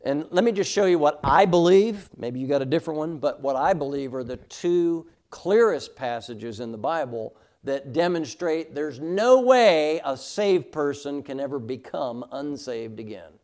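A man's voice: fairly high pitch, lively intonation, moderate pace, few pauses, darkish tone. A middle-aged man teaching a Sunday school class, emphatic and often checking in with "all right?".

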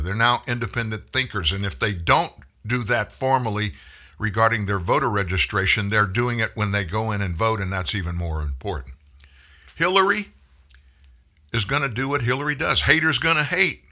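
A man's voice: on the low side, pushed and bright. A man hosting a political commentary show, delivering an opinionated monologue with mocking, folksy asides.

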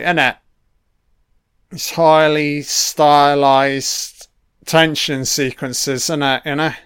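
A man's voice: fairly high pitch, fairly bright tone, clear, resonant tone, no echo, studio quality. A man giving a casual, blunt film commentary, swearing constantly and full of opinions.

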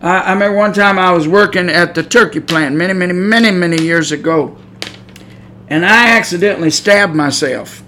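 A middle-aged man preaches to his podcast listeners in a high, bright, piercing voice. He climbs into shouted warnings, then drops back into loose, chatty asides. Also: fairly quick, slight background noise, low-quality recording. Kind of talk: preaching sermon. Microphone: podcast mic.

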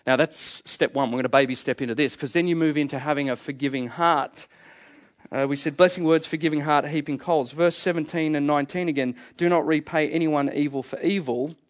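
Aussie pastor guy mid-sermon, kinda high voice, punchy and repeats stuff. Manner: emphatic, repeats phrases for effect.

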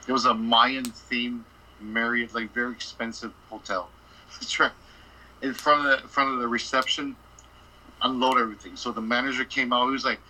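A man's voice: mid-range voice, level tone, moderate pace, pushed and bright, a little hiss or hum, rough recording. A man telling a rambling, profane story in a casual interview, laughing and acting out what people said. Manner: profane, laughing, acts out quotes. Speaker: record label boss, guest.

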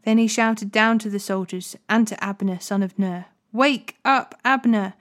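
A woman reading Bible passages aloud as host of a daily reading series, in clear, steady narration. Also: medium pitch, normal speed. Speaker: Bible reader. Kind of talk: scripture reading.

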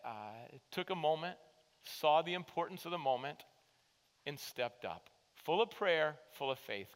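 A man preaching a sermon as pastor, building to emphatic rallying calls and dropping to hushed asides, in a church. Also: mid-range voice, long reverb tail, low-quality recording. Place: church sanctuary.

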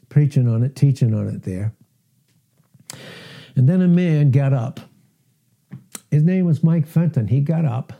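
A man's voice: medium pitch, vocal fry, mellow, slightly rough. A middle-aged man preaching a sermon as pastor, earnest and emphatic, lifting his voice when he quotes scripture.

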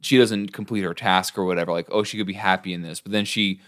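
A man's voice: sits low, steady tone, fast, fairly bright tone. A man in casual podcast chat, recapping scenes in a rambling way full of filler words.

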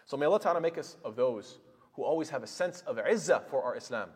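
A male preacher delivers an earnest sermon at a middle pitch. He drives his points with rhetorical questions and short stories. His voice rings out in a hall with a long reverb tail. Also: animated, quick pace, breathy edge. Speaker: imam.

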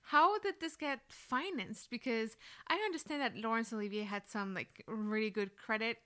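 A woman's voice: on the high side, normal speed, a bit bright. A woman co-hosting a casual movie podcast, adding thoughtful, hedging remarks about film history. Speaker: podcast co-host. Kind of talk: casual movie review chat.

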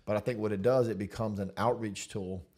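A man, a pastor, chatting casually about his church, relaxed and laughing easily, with many fillers. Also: fairly low pitch, fairly quick. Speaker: senior pastor. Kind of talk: casual chat.

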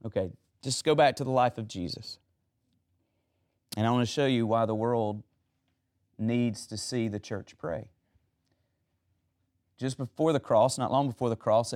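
A man's voice: medium pitch, darkish tone. Man preaching a sermon. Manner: asks the audience questions and retells stories.

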